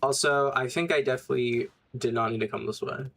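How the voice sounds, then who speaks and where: A man's voice: mid-range voice, fairly even intonation, fast, creaky, fairly bright tone. A young man casually commenting while streaming a game, blunt and rambling, swearing often.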